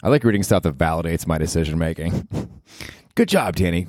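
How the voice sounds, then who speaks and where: A man's voice: low voice, sing-song, moderate pace, a little mellow, no room sound, studio quality. A man hosting a podcast in a loose, rambling comedic monologue, swearing freely and slipping into mocking voices for people he quotes. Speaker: podcast host.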